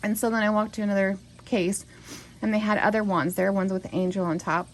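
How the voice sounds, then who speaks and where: A woman's voice: mid-range voice, steady tone, fairly quick, background noise. A woman recording a spoken journal at home, telling a story in a rambling, emotional way with many restarts. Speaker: vlogger.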